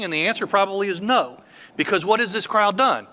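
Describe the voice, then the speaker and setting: A man's voice: high-pitched, fairly quick, bright, forceful tone. A man in his fifties, a church elder preaching a sermon with emphatic, repetitive phrasing.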